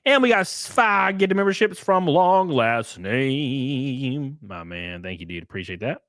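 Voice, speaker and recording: A male streamer chatting casually and joking his way through thanks to viewers. His pitch moves all over the place. The sound is close and dry. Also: big pitch swings, measured pace, a bit bright, no room sound. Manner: joking, rambling, often laughing. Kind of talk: casual live stream chat.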